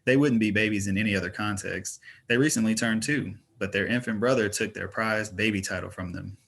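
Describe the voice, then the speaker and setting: Brief: male narrator, fantasy audiobook, steady even read. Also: fairly low pitch, a little fast, creaky, slightly rough. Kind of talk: audiobook reading of fantasy fiction.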